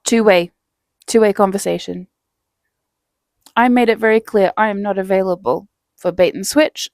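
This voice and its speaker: A woman's voice: medium pitch, steady tone, normal speed, long pauses, a little mellow, no echo. Brief: chatty woman vlogger, dry close sound, easy laughs between lines. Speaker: self-help vlogger. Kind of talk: casual storytelling to camera.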